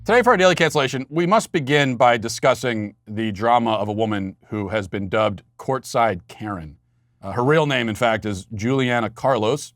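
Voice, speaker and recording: A man's voice: lowish voice, normal speed, no room sound, studio quality, soft background music. A man hosting a podcast, delivering a political commentary monologue with sarcastic, mocking asides and frequent restarts. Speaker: podcast host.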